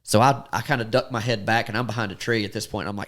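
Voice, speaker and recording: A man's voice: fast talker, slight background noise. A man telling a hunting story casually on a podcast, acting out what people said. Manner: animated, acts out quotes with sudden high-pitched outbursts.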